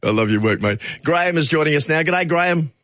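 An Australian man hosting a phone-in radio show, with brisk, jokey, upbeat banter. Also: a little high, animated, fairly bright tone, no echo. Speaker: radio host. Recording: slightly dull radio audio.

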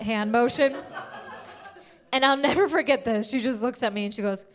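A young woman with a high voice performs stand-up, spinning her stories with lively energy. She keeps shooting up into shrieking highs on the punchlines while the crowd laughs along. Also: normal speed, a little hiss or hum. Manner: animated storytelling, jumping to shrieking high pitch for punchlines. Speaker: stand-up comedian. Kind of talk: stand-up comedy set. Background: audience laughter.

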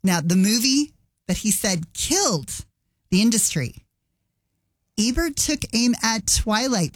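A woman's voice: mid-range voice, no echo. A woman radio host talking casually between songs, with wry personal asides.

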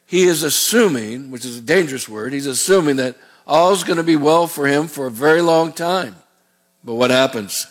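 A man's voice: fairly high pitch, moderate pace. A male pastor preaching a sermon in a folksy, digressive and earnest way. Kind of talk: sermon with scripture reading.

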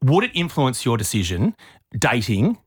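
A man's voice: medium pitch, wildly swooping pitch, moderate pace, slightly rough. A man co-hosting a radio show, joking wryly and often stammering over his words. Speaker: radio co-host. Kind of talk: casual radio banter. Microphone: studio mic.

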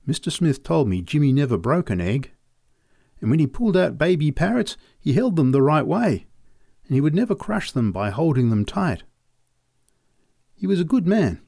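A man reading short stories aloud as narrator, with an expressive, varied storytelling delivery. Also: mid-range voice, gravelly, dry recording, clean studio sound.

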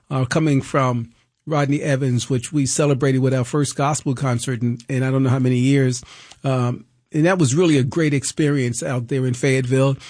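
A man's voice: medium pitch, darkish tone, no echo, studio quality. A man with a New York accent hosting a radio pledge drive, chatting in an upbeat way and repeating the call-in number. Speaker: radio host.

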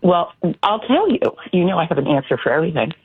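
A woman calling in to a radio show, telling a story in a chatty, animated way. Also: on the low side, quick pace, slightly rough. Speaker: caller. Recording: phone line with faint noise.

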